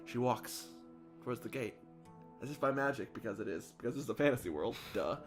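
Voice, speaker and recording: A man's voice: medium pitch, animated, a little fast, faint music behind. A man hosting a game playthrough, making up a comic story as he goes and laughing often. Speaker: let's play host.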